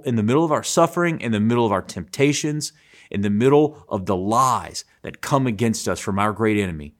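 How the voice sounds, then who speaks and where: A man preaching a sermon, earnest, repeating phrases for emphasis, with frequent stammering restarts. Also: mid-range voice.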